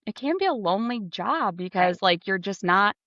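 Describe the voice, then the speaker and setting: A woman's voice: medium pitch, expressive, moderate pace, fairly bright tone, dry recording. A woman with a Connecticut accent, co-hosting a podcast in chatty talk full of "like". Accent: Connecticut, New England. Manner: chatty, leans on "like". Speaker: podcast co-host, travel advisor. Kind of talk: casual podcast chat. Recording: dull, lo-fi mic.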